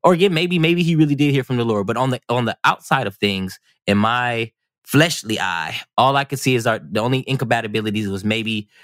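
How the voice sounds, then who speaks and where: A man's voice: mid-range voice, brisk, a bit bright, dry recording, studio quality. A man telling a personal story on a podcast in a casual, rambling, self-mocking way. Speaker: podcast guest.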